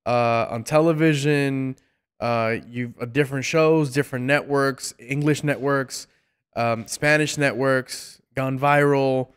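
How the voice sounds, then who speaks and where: A man hosting a casual interview, speaking in a halting way with lots of restarts and some playful teasing. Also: medium pitch, fairly even intonation, clean tone. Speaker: podcast host.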